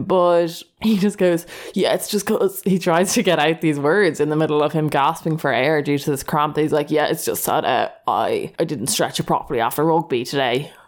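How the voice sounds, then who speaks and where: Low-voiced chatty woman. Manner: chatty, laughing often, full of "like". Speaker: podcast host reading listener stories. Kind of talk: casual storytelling chat.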